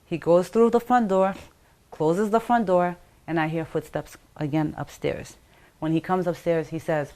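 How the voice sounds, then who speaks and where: A woman's voice: lowish voice, fairly even intonation, unhurried, dark tone. Middle-aged woman recounting events, full of fillers. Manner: rambling, filler-heavy retelling with acted-out quotes. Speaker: interview guest. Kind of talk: personal account in an interview.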